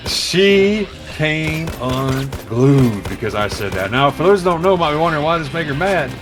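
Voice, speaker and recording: Very animated and a little high-pitched, this man tells a profane story at a moderate pace while playing a game on stream, acting out each quoted voice. Loud music fills the background.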